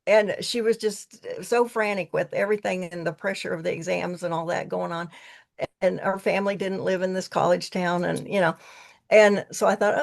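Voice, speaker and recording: A woman's voice: on the low side, steady tone, moderate pace, vocal fry. A woman guest on a podcast, earnestly telling stories in a rambling way with frequent restarts. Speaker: podcast guest, tea leaf reader. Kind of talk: casual storytelling conversation.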